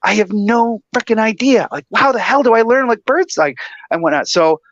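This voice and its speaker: An energetic, excitable man from Michigan, a guest telling stories in casual chat and acting out the voices of people in them. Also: sits high, normal speed, dry recording, dull audio.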